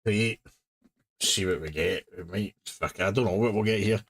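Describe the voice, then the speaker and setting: A man's voice: on the low side, normal speed, creaky, fairly bright tone, rough recording. A Scottish man chatting casually on a live stream, muttering to himself as he works.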